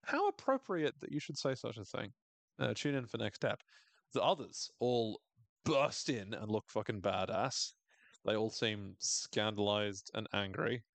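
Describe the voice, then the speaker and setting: A man's voice: fairly low pitch, lively intonation, creaky, dry recording. A man hosting a podcast, casually recapping a TV episode in a chatty, wry way. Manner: chatty, wry, acts out characters' lines in quick voices. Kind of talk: casual chat.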